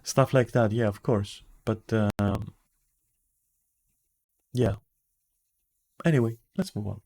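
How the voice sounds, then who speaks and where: A man's voice: slow, a little mellow. A man streamer ranting casually and bluntly, swearing freely and acting out little conversations as he talks. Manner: acts out conversations with shifting pitch.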